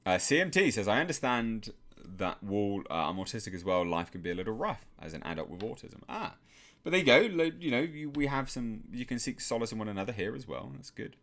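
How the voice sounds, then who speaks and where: A young man from England hosting a live stream, calmly reading out viewer messages and answering them in a measured way. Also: fairly low pitch.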